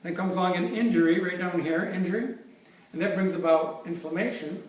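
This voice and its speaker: Using props, a fifties-aged man who works as a chiropractor presents with jokey enthusiasm in a high, fairly quick voice, frequently starting his sentences over. It was recorded from a distant mic in an echoey room with faint noise.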